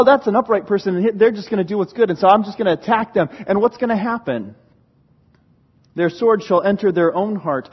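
High-voiced husky preacher man. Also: dull audio. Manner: animated, laughing, acting out quoted voices. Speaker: pastor. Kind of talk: sermon.

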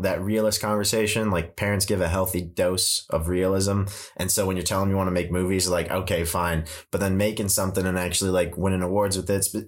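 Young man, very deep voice, laid-back, casual chat, filmmaker host. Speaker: filmmaker hosting a podcast.

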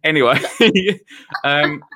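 A man's voice: fairly high pitch, drawn-out words, bright, forceful tone. A man hosting a casual podcast chat, rambling and chummy, laughing easily. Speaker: podcast host.

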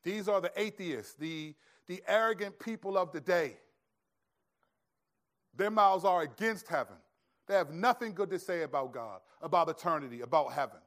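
A pastor preaching a sermon in an animated, conversational storytelling way. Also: male voice, high voice, normal speed.

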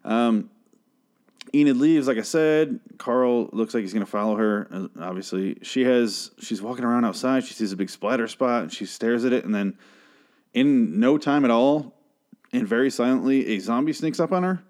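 A man's voice: mid-range voice, moderate pace, darkish tone. A man hosting a casual solo TV review, rambling, sarcastic and full of swearing. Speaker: show review host.

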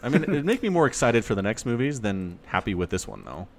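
Animated sarcastic man, podcast co-host. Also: medium pitch, slight background noise. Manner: animated, sarcastic, quick asides. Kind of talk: casual chat.

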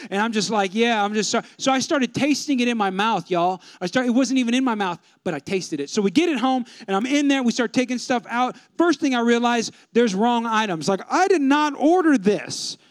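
A man, a pastor telling a funny story to his congregation with lively humor. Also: very high-pitched, a little fast, hardly any pauses, dry recording. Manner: animated, humorous, addresses the congregation. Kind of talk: storytelling sermon.

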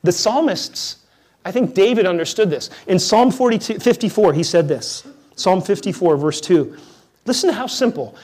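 Pastor guy w a high voice, chatty jokey sermon, goes quiet then loud. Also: lively intonation, moderate pace. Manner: conversational, jokey, swings between hushed and loud.

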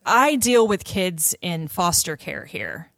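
A woman's voice: lowish voice, animated, slow pace, fairly bright tone, no echo. A woman co-hosting a podcast, talking in a chatty, earnest way. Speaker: podcast co-host. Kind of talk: casual chat.

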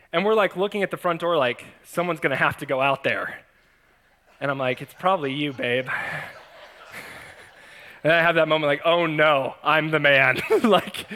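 A man preaching to his congregation, telling a personal story with humor and frequent laughs, acting out the voices of the people in it. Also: sits high. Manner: animated, self-mocking, laughs often. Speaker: pastor. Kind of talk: storytelling sermon.

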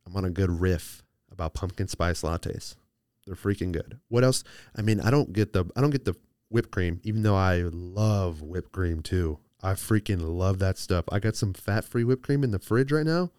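Man, low voice, dry close sound, casual rambling podcast host, playful. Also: moderate pace, a little mellow, smooth, dry recording. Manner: rambling, playful, restarts mid-sentence. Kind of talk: casual solo chat.

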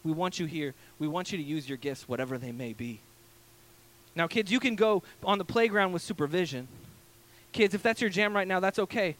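A man, a pastor in his thirties, preaching a casual storytelling sermon from a church stage, animated and full of fillers. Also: high-pitched, fairly quick. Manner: animated, acts out quoted voices, many fillers.

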